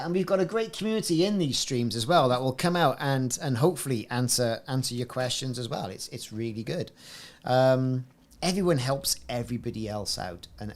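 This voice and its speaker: Man, gaming streamer, chatty rambling commentary, mid-pitched voice. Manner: chatty, rambling, self-interrupting. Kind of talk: live-stream gameplay commentary.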